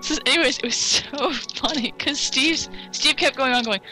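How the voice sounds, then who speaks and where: A woman chatting casually beside a gamer, teasing him and telling lively stories. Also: high voice, moderate pace, faint music behind, poor audio. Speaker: co-host friend watching the game. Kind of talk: casual chat and storytelling.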